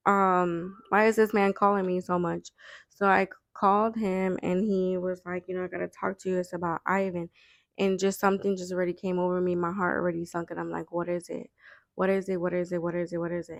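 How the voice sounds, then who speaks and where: A young woman with a low, gravelly voice tells a painful personal story. She talks in a halting way, repeating herself and filling gaps with fillers, her tone flat and heavy with grief. The sound is close and dry. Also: dry recording. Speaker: vlogger.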